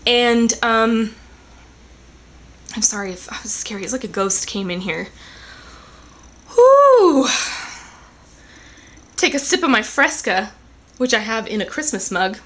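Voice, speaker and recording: A young woman chatting to camera in her living room, rambling and animated with lots of asides. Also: mid-range voice, normal speed. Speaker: vlogger. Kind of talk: casual chat to camera.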